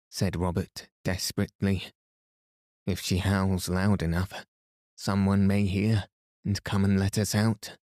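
A man reading a children's story aloud as a calm bedtime read, soothing and even, lightly voicing the children. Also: low-pitched, unhurried, no echo, clean studio sound. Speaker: podcast host and bedtime story reader.

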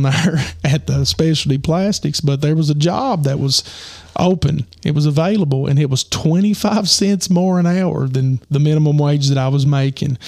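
A man telling a rambling personal story with lots of fillers, his voice getting hoarse. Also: fairly high pitch, darkish tone, dry recording. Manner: rambling, many fillers and restarts. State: losing his voice. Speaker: podcast host. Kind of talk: casual storytelling.

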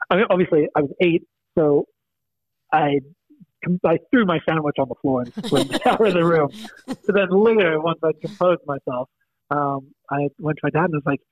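A man's voice: a little high, moderate pace, no room sound. Mancunian man telling stories over a tinny line. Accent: Manchester English. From England. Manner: rambling, laughing storyteller with many ums. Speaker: podcast guest storyteller. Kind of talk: casual chat. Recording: dry, tinny phone-like line.

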